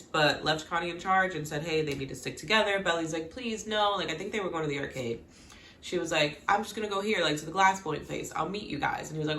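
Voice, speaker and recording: A woman giving a casual, gossipy recap of a TV episode. She talks in a chatty way with lots of "like" and quick laughs, and she acts out the characters' lines as she goes. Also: low-pitched, pushed and bright, echoey room, a little hiss or hum. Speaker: TV recap vlogger.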